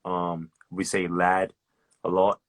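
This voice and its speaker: A man's voice: low-pitched, monotone, slow pace, no room sound. A man casually chatting on a livestream, loose and sweary, acting out slang examples. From Australia. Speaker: livestream host. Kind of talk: casual chat.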